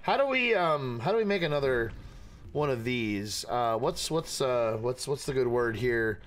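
A man's voice: medium pitch, lively intonation, measured pace, slight background noise. A man playing a video game and giving goofy running commentary, chatting to animals and yelping in panic. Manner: goofy, talks to animals, sings and yelps. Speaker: gaming streamer. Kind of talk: playful let's-play commentary.

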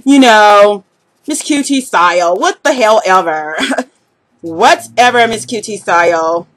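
A woman's voice: medium pitch, lively intonation, slow, fairly bright tone, slight background noise. A woman with a Southern US accent playing her brash, gossipy, jealous party-girl alter ego in a comedy vlog, talking in a sassy, slangy, trash-talking way. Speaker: vlogger in character.

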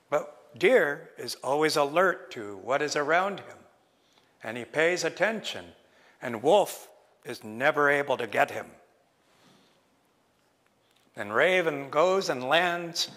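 Slow, deliberate male storyteller. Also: fairly high pitch, a bit bright. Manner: slow, deliberate, pausing often. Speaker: traditional storyteller. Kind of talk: traditional oral storytelling at a lecture. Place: lecture hall. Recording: long reverb of a lecture hall.

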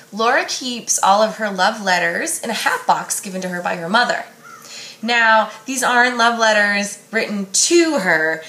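A woman's voice: medium pitch, bright, forceful tone. A woman, a school librarian, giving a casual, upbeat book recommendation with filler ums. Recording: echoey room.

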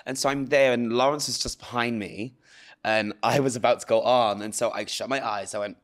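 Animated British man telling stories. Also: medium pitch, fairly quick. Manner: animated storyteller, self-correcting. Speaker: guest. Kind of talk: casual interview chat.

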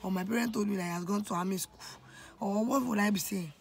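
A woman's voice: mid-range voice, quick pace, gravelly. A young Nigerian woman in her twenties tells a personal story on her vlog, confiding and emotional, often turning to speak straight to her viewers. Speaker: vlogger.

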